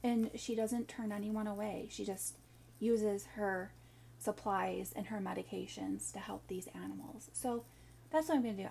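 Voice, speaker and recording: A woman's voice: mid-range voice, creaky, warm tone, a little hiss or hum. A woman in her thirties vlogging casually, telling a story in a rambling, heartfelt way with many fillers. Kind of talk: casual vlog talk.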